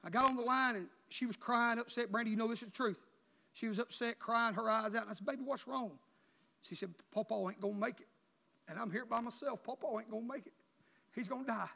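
Impassioned preacher, high voice. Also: male voice, fairly quick, creaky. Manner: impassioned, rising to near-shouts then dropping low. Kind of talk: emotional sermon testimony. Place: church sanctuary. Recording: dull sound with long church reverb.

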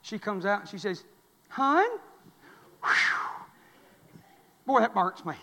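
A male pastor preaching a folksy sermon, swinging from quiet asides to loud exhortation. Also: high-pitched, a little slow, in a large hall. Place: church sanctuary.

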